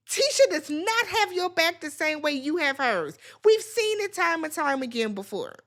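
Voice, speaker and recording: A woman's voice: extremely high pitch, very animated, moderate pace, hardly any pauses, bright, forceful tone. A woman hosting a reality TV recap, talking casually and bluntly, swearing freely as she gives her opinions.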